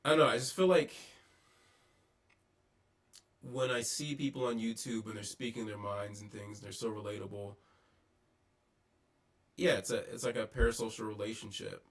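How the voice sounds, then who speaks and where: Gravelly, halting man talking to camera. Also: fairly low pitch, steady tone. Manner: halting, many ums and restarts. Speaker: vlogger. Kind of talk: casual reflective monologue. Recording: distant mic, poor audio.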